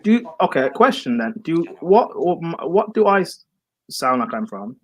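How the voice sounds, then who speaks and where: A young man from Ireland with an Irish accent softened by London speech, chatting bluntly and swearing casually. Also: a little high, big pitch swings, normal speed, husky, dry recording. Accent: Irish, mixed with London. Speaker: stream host. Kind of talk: casual chat.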